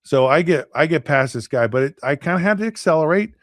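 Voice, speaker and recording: A man hosting a podcast, telling a story in a casual, animated way, often repeating and restarting words and acting out both sides of a conversation. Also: a little high, quick pace, no echo, studio quality. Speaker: podcast host.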